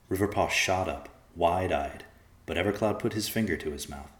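A man narrates a storybook in a calm, even way. His voice is very low, and the echoey room around him is easy to hear. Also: normal speed.

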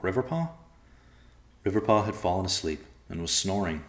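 A man reading a storybook aloud as narrator, with a calm, even delivery. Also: low voice, normal speed. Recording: echoey room.

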